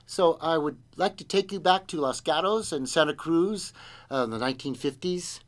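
A man's voice: a little high, moderate pace. A man hosting his own show, talking in a loose, rambling, jokey way and poking fun at himself. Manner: self-deprecating, rambling, jokey. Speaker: host and singer. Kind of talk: casual rambling monologue.

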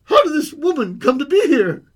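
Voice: sits high, sing-song, normal speed, voice pushed up. A radio reader voicing a startled male police officer who exclaims in shock. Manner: exclaiming, raised voice.

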